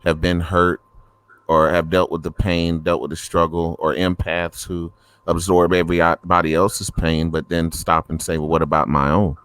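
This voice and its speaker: Deep-voiced man hosting an interview. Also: little pitch movement, a bit bright, clean tone, no echo. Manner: earnest, measured and complimentary. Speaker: interview host. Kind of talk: interview talk.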